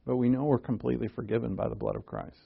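A man preaching a sermon, earnest and halting, restarting phrases and pushing his voice up for emphasis. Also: medium pitch, vocal fry, breathy edge, narrow, tinny audio. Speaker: pastor.

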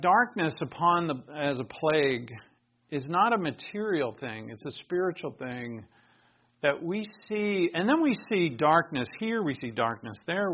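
A fairly high-voiced man preaching in a conversational teaching style, with bursts of raised emphasis. The recording sounds dull and lo-fi. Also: husky. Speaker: pastor. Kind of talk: sermon.

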